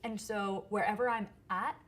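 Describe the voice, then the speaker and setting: A woman singer-songwriter chatting as an interview guest, lively and quick to laugh, recorded in a theater. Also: medium pitch. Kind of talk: casual interview chat. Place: theater stage.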